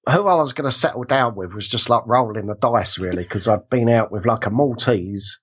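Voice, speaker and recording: British man, under the weather and husky, relaxed chatty podcast guest on a dull line. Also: medium pitch, a little fast. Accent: British English. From England. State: has a cold. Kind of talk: casual chat.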